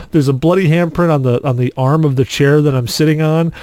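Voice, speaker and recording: A man's voice: a little high, fairly quick, no room sound. Dry-sounding man telling a story. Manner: animated anecdote-telling, acts out quotes. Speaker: podcast co-host. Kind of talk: casual chat, storytelling.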